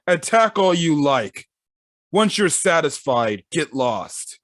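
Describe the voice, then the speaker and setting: A man's voice: on the high side, sing-song, slow pace, fairly bright tone, dry recording, studio quality, heavily acted. Brief: man voicing arrogant male manga villain, mocking and condescending. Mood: menacing.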